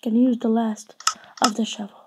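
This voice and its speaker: High voiced woman rambling on while she plays a game, playful and chatty, bit of hiss. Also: level tone, moderate pace. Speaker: let's play host. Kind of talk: casual gameplay chat.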